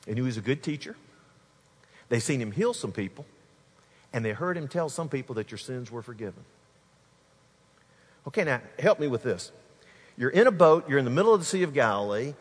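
Male pastor delivering an animated sermon, husky tone, big reverberant hall. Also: mid-range voice, a little fast, long pauses. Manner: animated preaching, addresses the congregation directly.

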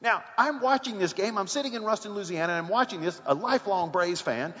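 A man with a high voice preaches a sermon and tells a story with rising energy, breaking into excited shouts. His voice rings with a long reverb in a large hall, and the recording sounds muffled. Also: fast talker.

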